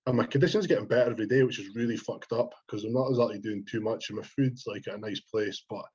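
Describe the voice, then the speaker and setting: A man's voice: on the low side, fast, husky. A young Scottish man co-hosting a podcast, chatting casually and swearing freely. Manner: sweary, rambling, quotes himself in lively bursts. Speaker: podcast co-host, bodybuilder. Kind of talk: casual chat. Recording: dull lo-fi sound.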